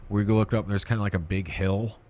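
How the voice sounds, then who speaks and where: A man hosting a podcast, telling a story in casual chat, animated and profane, often breaking into laughter. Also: lowish voice, a little fast. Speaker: podcast host.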